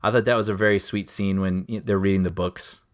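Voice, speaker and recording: A man's voice: low-pitched, steady tone, brisk. A man co-hosting a podcast, chatting casually and enthusiastically about a movie, laughing often and acting out scenes. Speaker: podcast co-host. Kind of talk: casual film discussion.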